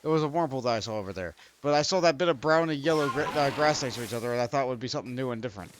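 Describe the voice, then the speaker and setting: A man's voice: medium pitch, expressive, rapid-fire, a little hiss or hum. A young man streaming a video game, rambling and poking fun at himself while he talks to the creatures on screen. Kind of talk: let's play commentary.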